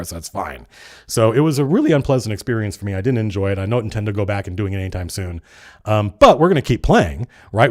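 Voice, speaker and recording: Middle-aged guy rambling on his stream, fast and animated, swears a bit, mimics people. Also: medium pitch. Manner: animated, swearing, acts out quoted players. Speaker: streamer and game designer hosting a live chat. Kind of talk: casual livestream chat.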